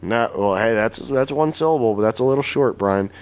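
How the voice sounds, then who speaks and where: A man's voice: medium pitch, fairly quick, clear, resonant tone. A man co-hosting a casual podcast, rambling and crude, often correcting himself mid-sentence. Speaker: podcast co-host.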